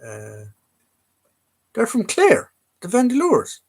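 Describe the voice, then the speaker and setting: Hosting a casual live chat from a home room full of collectibles, an Irish man rambles on with lots of fillers and restarts. His voice is very high and slightly rough, swooping wildly in pitch as he takes things slowly.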